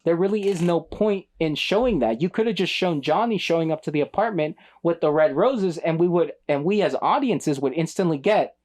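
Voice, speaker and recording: Casual male podcast co-host, animated, breaks into silly character voices. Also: fairly high pitch, brisk, hardly any pauses. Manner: animated, acts out movie lines in funny voices. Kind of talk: casual film review chat.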